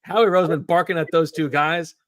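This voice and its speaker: A man hosting a sports podcast in casual chat, telling stories in an animated way. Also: a little high, a little fast, no room sound. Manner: animated storyteller.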